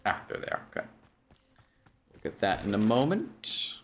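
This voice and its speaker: Male gamer, casual commentary, lowish voice, bouncy intonation, faint music behind. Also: big pitch swings, moderate pace. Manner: joking, self-mocking, drowsy asides. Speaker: streamer playing a video game.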